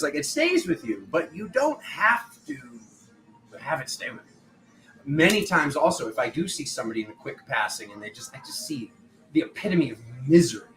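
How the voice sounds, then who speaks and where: A young man gives a tarot reading in a bright, forceful voice. He talks in a loose, rambling way and slips into the voices of people from his stories. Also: mid-range voice, poor audio. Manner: rambling, acts out quoted voices. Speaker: tarot reader. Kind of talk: spiritual tarot reading monologue.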